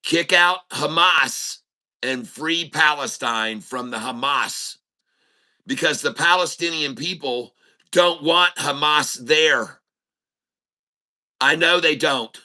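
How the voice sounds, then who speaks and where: Bright-voiced middle-aged man telling jokes. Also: fairly high pitch, slow pace, rough recording. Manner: chatty storyteller, chuckles at his own punchlines. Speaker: host of a trading stream. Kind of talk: casual joke-telling livestream.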